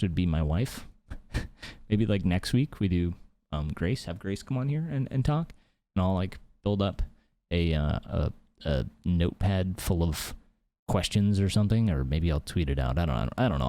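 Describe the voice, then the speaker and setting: A man's voice: low voice, darkish tone. A man hosting his own podcast from a home office, rambling heatedly and swearing a lot. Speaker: podcast host. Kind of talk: casual solo podcast rant.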